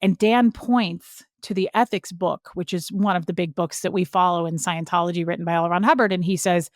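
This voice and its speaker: A woman's voice: on the low side, steady tone, a little fast, no room sound, clean studio sound. A woman guest telling a personal story in a casual, earnest way, full of "like" fillers. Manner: earnest and emotional when recounting. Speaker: podcast guest.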